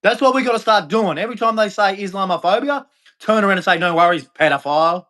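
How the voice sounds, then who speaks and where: A man with an unusually high, bright-toned voice for a man, ranting on a livestream. He speaks in a heated, accusatory way, hammering the same points again and again with harsh, profane language. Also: fast. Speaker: livestream host. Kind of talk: angry livestream rant.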